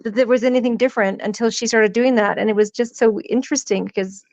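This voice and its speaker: Woman, slightly high voice, dull lo-fi call sound, chatty and curious, casual live-stream talk. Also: fairly even intonation, quick pace, a little mellow, no room sound. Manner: chatty, curious, laughs easily. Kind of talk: casual group chat.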